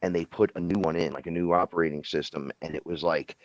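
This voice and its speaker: A man with a very low voice talks in a loose, profane storytelling ramble, slipping into the voices of people he quotes. The sound is dry and slightly muffled, like plain podcast audio. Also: fairly even intonation, quick pace, dry recording. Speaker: podcast speaker. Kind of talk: casual storytelling chat.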